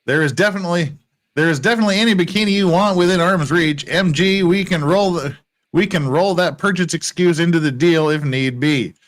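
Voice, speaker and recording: A man hosting a casual live stream with guests. He jokes and banters, and his voice is relaxed and low today. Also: fairly quick. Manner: joking, banters with guests, jumps between high and low. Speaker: host.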